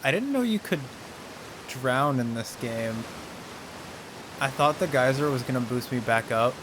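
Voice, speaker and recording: A man's voice: mid-range voice, animated, a little slow, background noise. A man giving casual gameplay commentary as a let's play host, chatty and wondering aloud.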